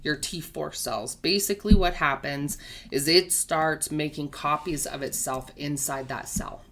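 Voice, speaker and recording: A woman with a low voice explains a health topic at an unhurried pace. She teaches patiently, uses everyday comparisons and keeps checking that the listener is following. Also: a bit bright. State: has the hiccups. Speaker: health educator. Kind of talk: casual explanatory lesson.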